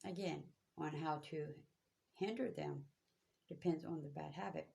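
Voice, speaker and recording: A woman's voice: low-pitched, a little slow, vocal fry, dark tone. A woman giving spiritual guidance to viewers, talking in a preachy, repetitive, emphatic way. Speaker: spiritual reader.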